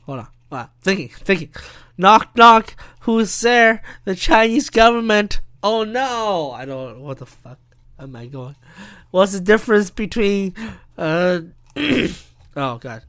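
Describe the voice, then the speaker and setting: A man ranting alone on his podcast, trailing off and starting over. His voice comes through smooth and resonant. The recording is dry and close, with no room sound. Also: high voice, fairly bright tone, no room sound. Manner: rambling, self-interrupting, laughs at own jokes. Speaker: podcast host. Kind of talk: solo rambling podcast rant.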